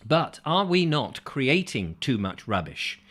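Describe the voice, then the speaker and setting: A man's voice: medium pitch, big pitch swings, takes it slowly, fairly bright tone. A man hosting a rambling comic chat show, reading out viewer comments with jokey rhetorical questions and mock-confused asides.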